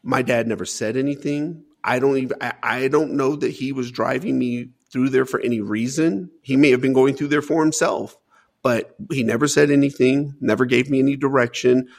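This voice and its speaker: A man with a gravelly, fry-edged voice tells his own story as an interview guest. He talks earnestly, restarting and repeating words as he gathers his thoughts. His pitch sits in an ordinary middle range. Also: moderate pace. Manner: earnest, repeats words while searching for them. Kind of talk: personal storytelling.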